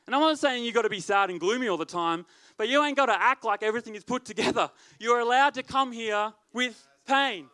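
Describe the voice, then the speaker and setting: A man's voice: very high-pitched, a little fast, few pauses, pushed and bright, clean tone. A man preaching as youth leader, with emphatic, repetitive delivery. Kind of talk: sermon.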